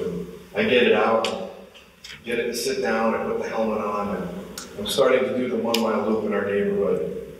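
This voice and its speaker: A man in his forties giving a motivational speech, telling a personal story and getting more animated as he goes. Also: lowish voice, a little hiss or hum. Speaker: motivational speaker. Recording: echoey hall, from far off.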